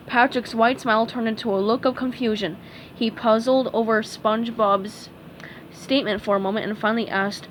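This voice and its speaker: Lady reading a kids story slow and careful, kinda high voice, faint hiss. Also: fairly even intonation, low-quality recording. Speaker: narrator.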